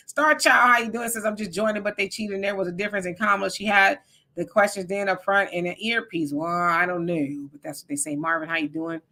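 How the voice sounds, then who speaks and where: A middle-aged woman co-hosts a live stream, reading viewer comments in a chatty, teasing manner as casual live-chat commentary. Her mid-range voice is brisk with a sharp tone.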